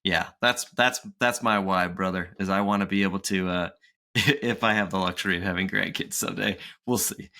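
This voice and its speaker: A man's voice: low-pitched, steady tone, moderate pace, gravelly, bright, forceful tone. A man in his forties, co-hosting a podcast in a chatty, casual way, laughing often and acting out quotes. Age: 40s. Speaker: podcast co-host.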